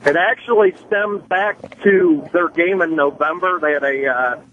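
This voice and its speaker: A fairly high-voiced man from Indiana phones in to a radio show, halting and rambling in a nervous way. The line sounds dull, with a faint hiss under him. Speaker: caller. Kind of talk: phone-in caller.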